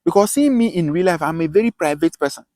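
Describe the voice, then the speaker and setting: A little high, animated, and quick, the man's slightly mellow voice is captured in a dry recording. With a Nigerian Akwa Ibom accent, this self-styled teacher passionately presses his points, often repeating and restarting what he says.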